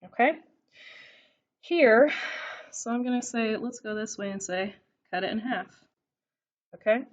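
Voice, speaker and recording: In a classroom video lesson, a woman works through math notes, explaining as she writes and often asking "okay?". Her voice is fairly high and unhurried, with long pauses, on a slightly dull, lo-fi recording.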